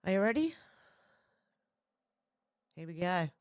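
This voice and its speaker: Low-voiced Australian woman host, casual commentary, chatty reading of posts. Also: big pitch swings, takes it slowly, clean tone. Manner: chatty, laughs between reads.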